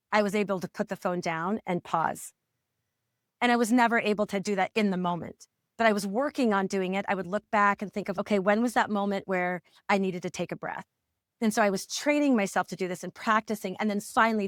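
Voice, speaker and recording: A middle-aged woman, a parent coach, telling a personal story as a podcast guest, reflective and halting, often restarting her sentences. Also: mid-range voice, no room sound, clean studio sound. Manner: reflective, halting, with frequent restarts and soft laughs.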